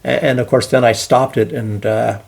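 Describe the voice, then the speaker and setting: A man's voice: mid-range voice, steady tone, normal speed, creaky, a little mellow. A man talking alone to his viewers in loose, rambling commentary, often stopping and restarting his sentences. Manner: rambling, hesitant with many restarts. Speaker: commentary channel host. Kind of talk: casual solo commentary.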